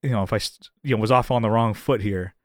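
A man's voice: fairly low pitch, fast talker, no echo, clean studio sound. A man co-hosting a podcast in casual chat, retelling stories and acting out the quotes in raised voices. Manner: animated storyteller, acts out quotes in raised voices. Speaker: podcast co-host.

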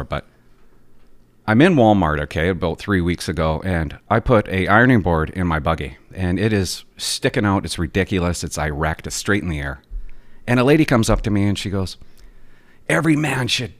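Lively low-voiced man ranting. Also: fairly quick, no echo. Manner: exasperated, animated storytelling. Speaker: vlogger. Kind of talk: casual ranting monologue.

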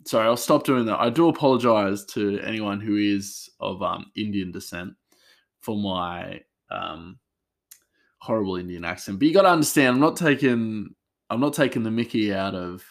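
A chef with a creaky, somewhat low voice tells work stories casually and rambling, full of fillers and restarts.

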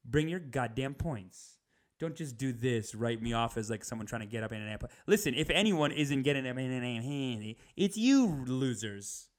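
A young man riffing in a comedic rant, animated, slipping into higher mocking impressions. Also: normal speed.

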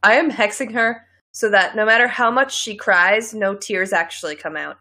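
A young woman chats casually as a podcast co-host, laughing easily and hamming up her stories. Her voice sits at a middling pitch, and her delivery is playful and a bit dramatic. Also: moderate pace, bright, forceful tone. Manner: giggly, playful, dramatic storytelling. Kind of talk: casual chat.

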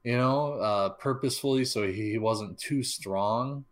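A man co-hosting a casual film discussion podcast, talking in a halting way with many fillers and restarts. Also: mid-range voice. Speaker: podcast co-host.

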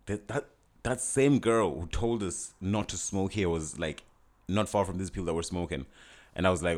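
A young man casually telling a personal story, animated and full of restarts and acted-out dialogue. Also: sits low, fairly quick.

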